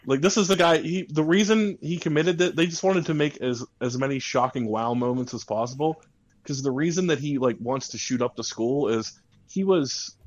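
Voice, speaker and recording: A man's voice: mid-range voice, normal speed, dull audio. A man co-hosting a casual podcast, ranting heatedly with lots of swearing and restarts. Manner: heated, profane, rambling with restarts. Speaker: podcast co-host.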